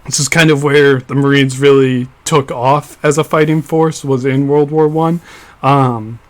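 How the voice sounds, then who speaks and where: A man's voice: medium pitch, steady tone, measured pace. A young man co-hosting a casual history podcast, explaining events at length with frequent fillers and restarts. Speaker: podcast co-host.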